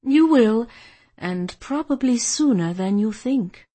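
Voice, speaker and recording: A woman reading a cold, menacing gentleman kidnapper in an audiobook, speaking in a bored, threatening drawl. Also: on the high side, animated, slow pace, husky, exaggerated voice. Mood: cold menace.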